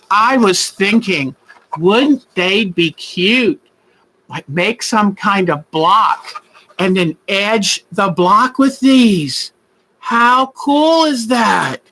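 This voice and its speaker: A man's voice: high-pitched, pushed and bright, rough recording. A man hosting a quilting live stream, chatting in an effusive, gushing way with viewers. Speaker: quilting show host. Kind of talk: casual live-stream chat.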